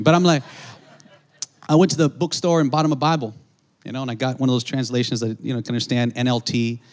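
A man preaching a sermon, telling a story in an animated way, acting out the voices of others and calling out to the congregation. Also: mid-range voice. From Southern California. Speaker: pastor.

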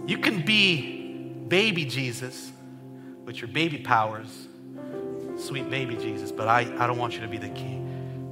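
A man pastor preaching a sermon to a congregation. He swings from shouting to hushed tones and calls out to the crowd. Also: medium pitch, expressive, a little slow, long pauses. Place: church service. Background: music.

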